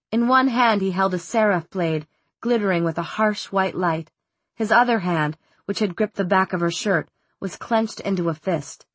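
Woman, audiobook narration, steady storytelling, dry recording. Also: medium pitch, breathy edge, no echo. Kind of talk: scripted narration.

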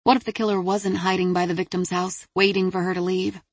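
A woman narrating a crime thriller audiobook in an even, measured reading. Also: on the low side, no room sound.

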